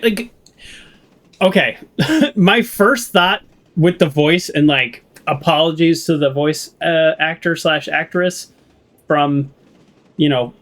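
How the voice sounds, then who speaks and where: A man with a West Coast American accent, rambling chattily as he plays and comments on a game. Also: sits high. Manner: rambling, chatty, lots of fillers and laughs. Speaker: let's play streamer.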